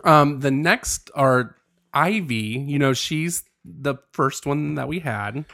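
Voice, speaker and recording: A man's voice: a little high, lively intonation, slow, creaky, a bit bright. A man hosting a casual chat show, bubbly, giggly and rambling. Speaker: podcast host.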